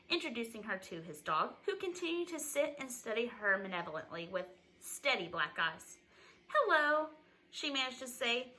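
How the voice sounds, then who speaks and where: A woman's voice: fairly high pitch, pushed and bright, poor audio. A woman reading a novel aloud expressively, stumbling over a word now and then. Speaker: reader.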